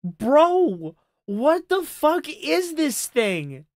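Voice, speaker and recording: A woman's voice: sits high, big pitch swings, extremely slow, dry recording, clean studio sound. A woman doing casual reaction commentary over a stream clip, mocking and profane, repeating her jabs.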